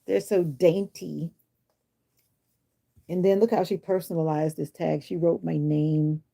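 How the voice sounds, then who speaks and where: Low, gravelly, husky woman live-streaming. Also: warm tone. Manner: chatty, answers comments, sassy and blunt. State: unwell. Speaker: livestream host. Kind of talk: casual livestream chat with viewers. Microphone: phone or device mic.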